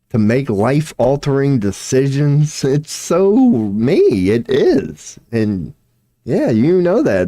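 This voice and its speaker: A young man talks through his livestream in a loose, rambling way, knocking himself down and swearing freely. His voice is mellow and soft-edged, but his pitch jumps around a lot. The sound is close and dry, with no room echo. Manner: rambling, self-deprecating, heavy slang and swearing. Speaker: live streamer. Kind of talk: casual livestream monologue.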